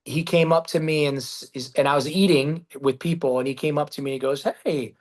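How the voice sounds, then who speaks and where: A man being interviewed as a guest, telling stories in a lively, casual way, acting out quotes and swearing freely. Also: on the high side, fast talker. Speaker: guest, business founder. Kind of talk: storytelling in a podcast interview.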